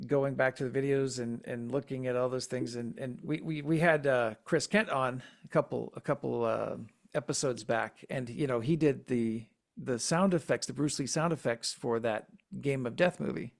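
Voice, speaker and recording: Gravelly-voiced male podcast host. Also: medium pitch. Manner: halting, repeats words, many fillers. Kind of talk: casual podcast chat.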